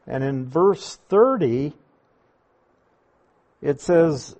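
A man preaching a sermon, teaching through a Bible passage verse by verse in a deliberate, emphatic way. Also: medium pitch, expressive, highs cut off.

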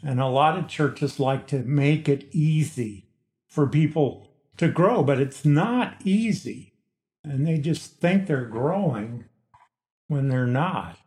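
A man preaching a Bible-teaching sermon, slow and deliberate, stressing key words emphatically. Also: medium pitch, a little mellow, echoey room. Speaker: pastor. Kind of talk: expository sermon.

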